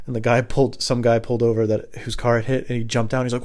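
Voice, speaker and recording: A man telling rambling comic stories in a deadpan way, jumping into high squeaky voices when he quotes other people. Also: quick pace. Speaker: comedian. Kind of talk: rambling storytelling monologue.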